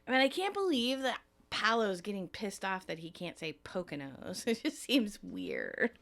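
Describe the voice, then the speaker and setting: A woman's voice: medium pitch, sing-song, unhurried, vocal fry, a bit bright. A woman co-hosting a casual recap podcast, laughing often and reading show quotes with playful emphasis. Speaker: podcast co-host.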